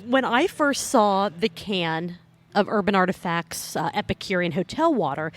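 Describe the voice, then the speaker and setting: A woman's voice: medium pitch, measured pace. A woman co-hosting a podcast in casual chat, chatty and teasing. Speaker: podcast co-host.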